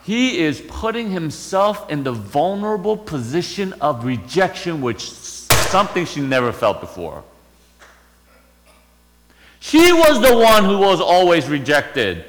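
A man's voice: sits high, very animated, a little slow, fairly bright tone, in a large hall, a little hiss or hum, rough recording. A man preaching a sermon, retelling a story and asking rhetorical questions.

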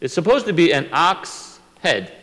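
A man teaching a Bible lesson, explaining slowly and step by step, often restarting his sentences. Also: a little high, big pitch swings, fairly bright tone, big-room sound, low-quality recording.

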